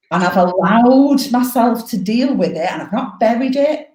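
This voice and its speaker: A woman coaching live, explaining advice in a frank, animated way and swearing freely. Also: medium pitch, moderate pace, few pauses, echoey room, low-quality recording. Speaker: life coach.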